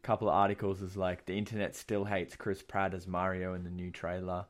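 A man's voice: low voice, completely flat delivery, brisk. A young man co-hosting a casual podcast chat, laid-back and slangy.

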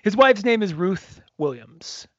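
High-voiced man in casual chat. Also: a little slow, no room sound, dull audio. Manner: animated, acts out scenes in quoted voices. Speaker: podcast co-host.

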